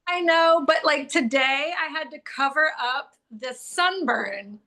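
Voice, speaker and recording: A woman with a Southern accent chats as a podcast guest over a video call. Her voice sits a little high and sounds bright. She laughs easily and fills her stories with "like". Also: slow. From Tallahassee, Florida. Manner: chatty and giggly, lots of "like". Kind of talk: casual video-call chat.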